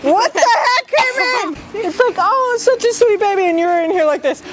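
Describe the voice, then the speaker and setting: A woman's voice: very high voice, lively intonation, normal speed. A woman playing with children on a trampoline, laughing often and calling out playful exclamations, recorded on a camcorder. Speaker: vlogger. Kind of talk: casual home-video play with children. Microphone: built-in camcorder mic. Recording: loud noisy camcorder audio.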